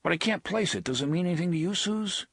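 Man putting on a high, frantic young man, husky edge, dry sound. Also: animated, fast talker, fairly bright tone, no room sound, heavily acted. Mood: bewildered. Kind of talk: audiobook character voice.

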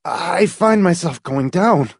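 Man playing a tense, snappish trapped husband in a storybook audiobook, voice pushed a little high. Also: expressive, takes it slowly, gravelly, slightly rough, dry recording, clean studio sound, exaggerated voice. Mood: desperate, tense. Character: trapped desperate husband, strained.

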